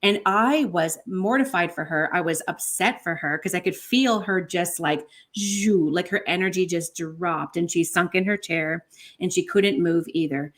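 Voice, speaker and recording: Animated woman telling a personal story. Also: lowish voice, unhurried. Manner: animated, many fillers like 'like' and 'you know'. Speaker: podcast guest.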